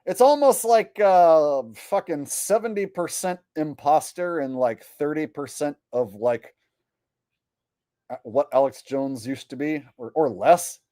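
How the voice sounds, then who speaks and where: A man's voice: fairly high pitch, unhurried, dark tone, dry recording. A man hosting a commentary vlog, talking in a profane, incredulous and mocking way. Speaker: host.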